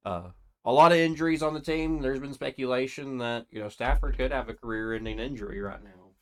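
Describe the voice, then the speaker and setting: Male sports podcast co-host, mid-pitched, casual and meandering, argues by asking questions. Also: fairly quick, a bit bright.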